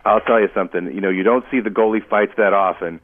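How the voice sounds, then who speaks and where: A very deep-voiced man chats casually as a podcast co-host. He rambles and stops often, filling gaps with "uh" and "you know". His voice comes through a narrow, tinny phone line. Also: steady tone, a little hiss or hum. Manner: rambling, halting, many fillers. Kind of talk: casual chat.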